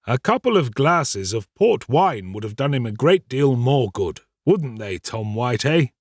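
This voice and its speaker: A kindly old gentleman, gruff and fussy, with a husky edge, as a man puts him on for an audiobook. His voice rises and falls a lot. The sound is close and dry. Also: medium pitch, very animated, measured pace, no room sound.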